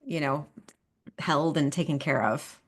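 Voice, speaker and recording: A woman in her thirties speaks in a low, chatty voice as a couples therapist on a podcast. She laughs easily and keeps checking in with "right?" and "you know". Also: a little slow. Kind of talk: podcast interview.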